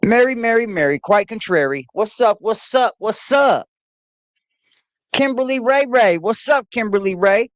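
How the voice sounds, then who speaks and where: A woman's voice: a little high, animated, a little slow, dry recording. A woman hosting a casual livestream, playfully greeting chatters by name one after another on a laptop mic. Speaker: livestream host.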